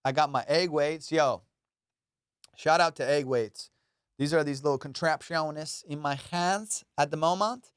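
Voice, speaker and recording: A young man hosting a solo comedy podcast, rambling loosely and joking while high on cannabis. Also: a little slow, clean tone, no echo, clean studio sound. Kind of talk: casual solo podcast chat.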